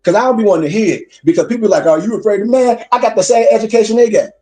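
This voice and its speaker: Emphatic high-voiced male minister lecturing. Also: very fast, warm tone, soft background music. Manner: emphatic, repetitive, preacherly. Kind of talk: class lecture.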